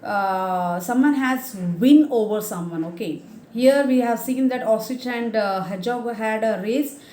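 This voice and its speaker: A woman's voice: a little slow, dark tone, reverberant. A woman teaching a primary school lesson, explaining words simply and spelling them out for children. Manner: acts out characters' lines with raised pitch.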